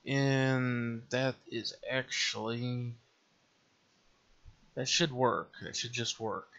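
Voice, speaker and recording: A man's voice: medium pitch, fairly even intonation, very slow, a bit bright. A man hosting a casual game development tutorial, thinking aloud and muttering to himself as he works through menus at his computer. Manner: thinking aloud, mumbling to himself while working. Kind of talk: casual screen-recorded tutorial. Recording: slightly dull lo-fi recording.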